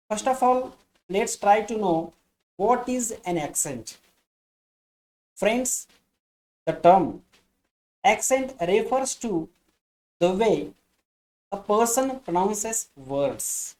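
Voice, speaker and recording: A woman with an Indian English accent who teaches an English lesson slowly and deliberately, restating each point in new words. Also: medium pitch, mellow, poor audio. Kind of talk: explanatory lesson.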